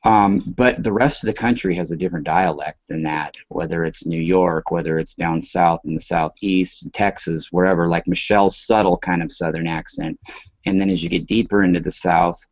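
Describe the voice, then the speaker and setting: A man's voice: low voice, steady tone, moderate pace, no room sound, highs cut off. A man from the American West Coast, co-hosting a talk show and chatting in a loose, rambling way, swearing casually. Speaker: co-host. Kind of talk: casual chat.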